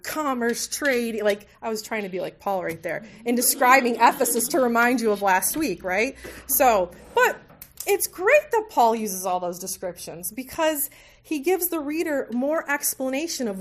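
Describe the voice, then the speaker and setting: A woman with a fairly high voice teaches a Bible study group. She talks in a relaxed, conversational way, with small jokes and mid-sentence self-corrections. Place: meeting room with tables.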